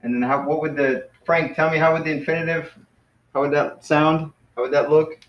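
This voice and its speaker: A man teaching a class in a relaxed, casual way, with many fillers and self-corrections. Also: a little high, fairly quick. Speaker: Greek teacher. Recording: roomy, dull lo-fi classroom recording.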